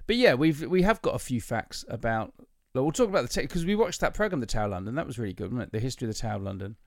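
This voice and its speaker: A man's voice: medium pitch, sing-song, very fast, creaky, dry recording, clean studio sound. A man co-hosting a podcast in casual chat, eagerly sharing trivia and laughing as he goes. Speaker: podcast co-host.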